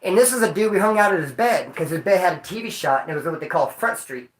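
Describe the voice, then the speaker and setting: A man casually telling prison stories in a slangy, profane, animated way. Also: high-pitched, quick pace, roomy sound. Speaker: storyteller recounting prison life. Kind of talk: casual storytelling monologue.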